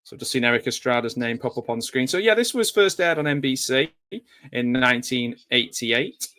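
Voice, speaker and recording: A man's voice: medium pitch, lively intonation, a little fast, sharp tone. A man giving a casual, rambling live commentary while watching a movie, drifting into nostalgic asides. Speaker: film commentator.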